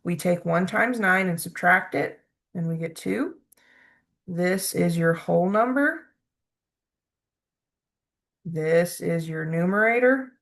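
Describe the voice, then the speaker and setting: A woman's voice: fairly low pitch, slow, vocal fry, long pauses, fairly bright tone. A woman math instructor patiently talking through problems step by step, checking in with "okay?" as she goes. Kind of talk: recorded math lecture.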